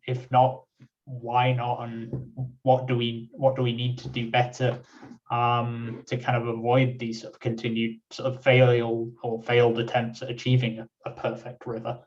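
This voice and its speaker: A hoarse man moderating a webinar discussion on a video call, hesitant and full of fillers. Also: medium pitch. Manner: hesitant, many fillers and restarts. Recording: distant, dull lo-fi webinar audio.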